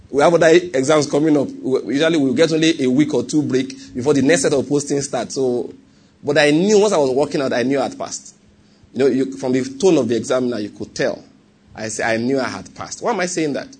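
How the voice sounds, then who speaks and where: Husky Nigerian man preaching a sermon. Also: a little high, a little mellow. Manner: conversational, asks the congregation if they follow. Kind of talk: sermon with personal story.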